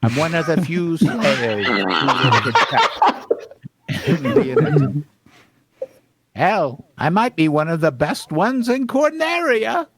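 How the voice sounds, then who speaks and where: A man's voice: fairly high pitch, big pitch swings, takes it slowly, long pauses, fairly bright tone, slight background noise, voice pushed up, full character voice. A man doing a boastful coyote slayer. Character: cocky male coyote vampire slayer, boastful. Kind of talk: comedic fanfiction table read.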